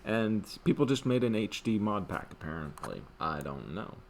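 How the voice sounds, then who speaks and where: An older man with a low voice rants in a casual way at his desk. His pitch swings wildly from gruff mutters to sudden high, loud outbursts. He sounds like he is talking off the cuff into a desktop mic. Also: big pitch swings, moderate pace, slight background noise. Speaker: gaming commentator. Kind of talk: casual rant.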